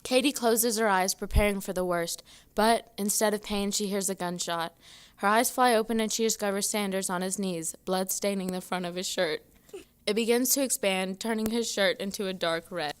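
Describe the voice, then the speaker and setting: A woman slowly reading her own ghost story aloud in a steady voice. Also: mid-range voice, clean tone. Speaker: student reader.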